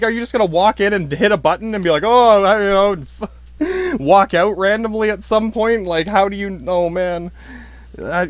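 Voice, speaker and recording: A man's voice: high voice, dry recording. A man hosting a casual solo podcast, rambling and swearing, laughing often and restarting his sentences. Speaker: podcast host.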